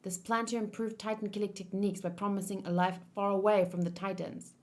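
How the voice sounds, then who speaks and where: A woman's voice: medium pitch, little pitch movement, fairly quick, lightly acted. A woman reading an angry idealistic young soldier. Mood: indignant. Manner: forceful, indignant. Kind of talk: manga read-along.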